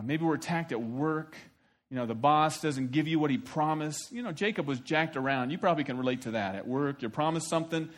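A male pastor, voice sitting a bit on the higher side, preaches through a scripture passage verse by verse. He is animated and playful, chuckling often and leaning on rhetorical questions. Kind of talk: sermon.

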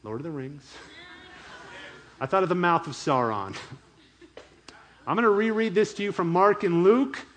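A man preaching a sermon in an animated, emphatic way. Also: high voice, moderate pace, pauses often. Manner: animated, emphatic, chuckles often. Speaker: pastor.

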